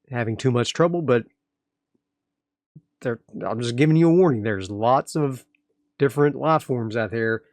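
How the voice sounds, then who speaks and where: A man's voice: medium pitch, darkish tone, no echo, clean studio sound, natural voice. A man voicing a jovial male settlement boss who turns wary of trouble. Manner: friendly then gruff.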